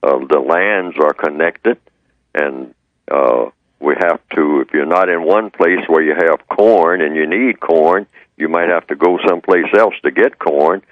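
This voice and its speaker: A man, the guest on a radio show, explaining his ideas in a measured way and repeating his points. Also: rumbling low, dry recording, highs cut off. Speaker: guest speaker.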